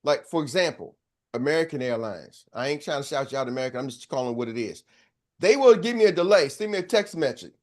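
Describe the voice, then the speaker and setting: A man's voice: medium pitch, sing-song, fast, a little mellow. A middle-aged man, a sales coach giving a motivational talk, telling stories in a preachy way and calling out to his audience. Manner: preachy, storytelling, calls out to the audience. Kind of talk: motivational speech.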